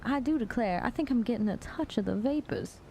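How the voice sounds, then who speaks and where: A woman's voice: fairly high pitch, expressive, a little fast, mellow, a little hiss or hum, poor audio. A woman putting on the voice of a prim Southern belle lady with a drawling Southern accent for her stream chat. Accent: American Southern, put on. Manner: drawling, overly polite. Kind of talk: improvised voice for livestream chat.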